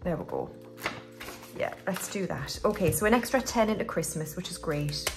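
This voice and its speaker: Over music, a woman from the UK with a lowish, expressive voice speaks at a moderate pace in her budgeting video. She casually counts money aloud, narrating each step of her cash stuffing.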